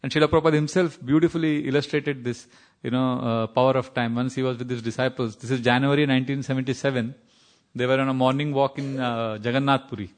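A man's voice: mid-range voice, steady tone, fast. A man from India with an Indian accent, teaching a scripture class, telling stories, quoting Sanskrit verses and laughing at times. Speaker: spiritual teacher.

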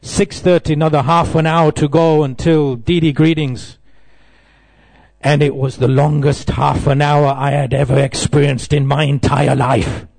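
A man's voice: a little high, fairly even intonation, unhurried, gravelly, a little mellow. A middle-aged man giving a devotional class, telling humorous, self-deprecating stories. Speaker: temple speaker.

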